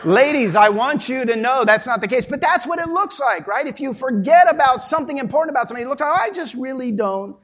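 A pastor preaching a sermon with emphatic delivery, rising loud then dropping low. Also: male voice, expressive, fast talker, few pauses. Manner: emphatic preaching, swinging between loud and quiet. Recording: dull lo-fi sermon recording.

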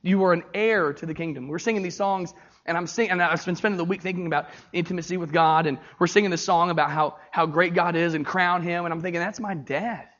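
A middle-aged man preaching a sermon, joking with his listeners and speaking with earnest feeling. His voice sits high and bright. The recording sounds dull and lo-fi. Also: fast talker. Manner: animated, jokey, crowd-engaging; earnest and emotional. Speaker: pastor.

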